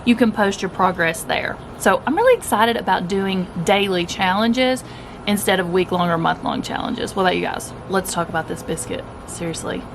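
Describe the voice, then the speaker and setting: A woman's voice: mid-range voice, normal speed, background noise. A woman, chatting casually to camera about her day and food, upbeat and addressing viewers directly. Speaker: keto vlogger. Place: at home, partly outdoors.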